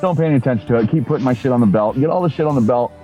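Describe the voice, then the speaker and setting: Guy on a podcast telling a long story, deadpan and cussing, dark mellow voice, faint music under it. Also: medium pitch, racing, muffled recording. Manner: profane, deadpan storytelling with acted quotes. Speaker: podcast co-host. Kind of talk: casual storytelling.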